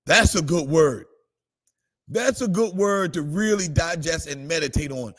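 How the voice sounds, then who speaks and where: A man preaching a morning devotional livestream, shifting between calm scripture reading and excited exclamations. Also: fairly high pitch, unhurried. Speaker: pastor.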